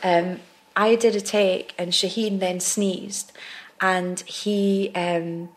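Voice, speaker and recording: A woman's voice: on the low side, fairly even intonation, takes it slowly. A woman actress, a podcast guest, telling candid stories in casual conversation with frequent restarts.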